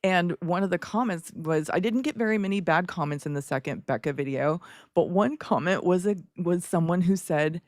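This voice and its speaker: A woman content creator chatting on a live stream, telling stories with big swings in pitch and frequent laughs. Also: moderate pace, darkish tone, no room sound, studio quality. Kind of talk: casual live-stream chat.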